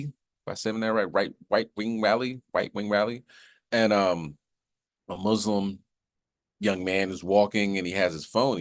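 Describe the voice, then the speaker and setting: Male host, lowish pitch, casual rambling commentary, slangy, dry close sound. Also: no room sound. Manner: rambling, slangy, with a habitual "you know what I mean".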